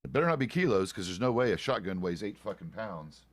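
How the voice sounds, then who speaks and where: Middle-aged male streamer, low voice with lively pitch swings, profane and cranky, casual gaming chat. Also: fast, no room sound. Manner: grumpy, profane, complaining. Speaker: game streamer.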